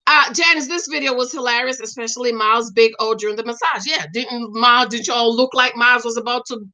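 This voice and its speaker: A woman's voice: fairly high pitch, brisk. A middle-aged woman chats casually about a reality show and greets her regular viewers by name. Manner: animated, talks back to viewers by name. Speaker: commentary vlogger reading viewer comments. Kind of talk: casual chat.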